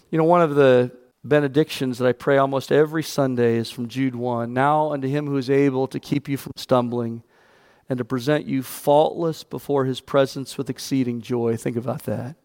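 A man's voice: medium pitch, a little mellow, dry recording, clean studio sound. A male pastor delivering a sermon in an earnest preaching manner that rises with emphasis.

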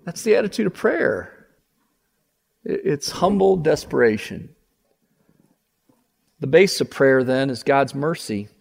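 A man's voice: mid-range voice, darkish tone, big-room sound. A man preaching a sermon, passionately voicing a repentant sinner's confession.

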